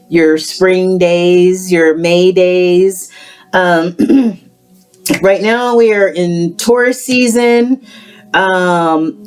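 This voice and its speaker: A woman hosting a tarot channel, chatting casually to her viewers with drawn-out greetings and frequent ums. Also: fairly low pitch, a little mellow, clear, resonant tone. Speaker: tarot reader. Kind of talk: casual spiritual vlog chat.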